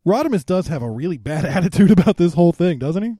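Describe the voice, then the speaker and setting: A man's voice: high-pitched, animated, fast, dark tone, dry recording, studio quality. A young man co-hosting a podcast, casually recapping a cartoon episode in a playful way and slipping into silly voices. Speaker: podcast co-host.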